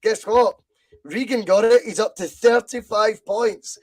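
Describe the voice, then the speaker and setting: A Scottish man hosting a casual football quiz podcast, excitable and quick to shout when delighted. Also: high voice. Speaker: podcast host.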